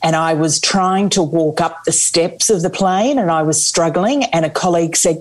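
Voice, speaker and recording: A middle-aged woman, a memoir author, telling her story candidly in an interview, slowing down for emphasis. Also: low voice, poor audio. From Australia. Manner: candid, expressive, slows for emphasis.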